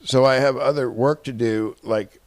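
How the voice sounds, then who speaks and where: A man in a rambling, profane personal rant, swinging between shouting and muttering. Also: medium pitch, steady tone, normal speed. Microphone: handheld camera.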